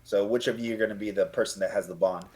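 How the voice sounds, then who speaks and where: A man runs a tabletop game, describing scenes in a loose, rambling way, restarting phrases as he goes. His voice sits fairly low. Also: steady tone, quick pace, darkish tone, slight background noise, rough recording. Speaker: game master.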